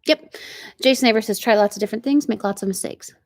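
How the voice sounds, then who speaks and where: A woman's voice: on the high side, quick pace, a little mellow, no room sound. A middle-aged woman from Oklahoma with an Oklahoman accent hosts a casual live stream outdoors, chatting and greeting viewers by name. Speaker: ranch channel host reading live chat. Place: outdoors on a ranch.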